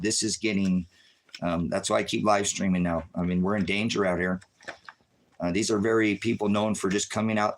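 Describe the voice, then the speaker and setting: Man, live-stream rant, stressed, rambling, jumps between loud and quiet. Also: fairly low pitch. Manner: rambling, stressed, swings between shouting and muttering.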